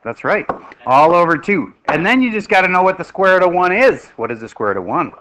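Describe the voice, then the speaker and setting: A middle-aged man teaching a math class, lively and joking as he quizzes his students. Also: high voice, fairly quick, poor audio.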